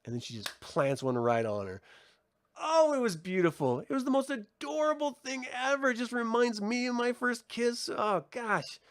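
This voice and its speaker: A man giving a casual review of a TV episode, excitable and gushing, swearing freely and filling his talk with "like". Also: very high-pitched, moderate pace. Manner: excitable, swears, many "like" fillers. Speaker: TV series reviewer. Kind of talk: casual video review commentary.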